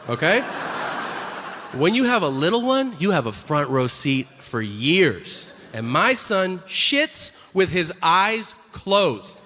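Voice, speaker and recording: A middle-aged man doing a stand-up comedy set, profane, acting out both sides of conversations. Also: a bit bright. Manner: profane, acts out both sides of dialogues with low voices. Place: comedy venue stage. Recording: live stage set with long reverb and faint room noise.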